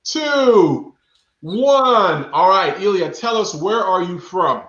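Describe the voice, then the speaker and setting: A man's voice: sits high, expressive, slow pace, a bit bright. A man hosting a live online show, playfully quizzing his guest and calling out guesses from the chat. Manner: playful, repeats questions to the chat. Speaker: show host. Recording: echoey room, dull lo-fi sound.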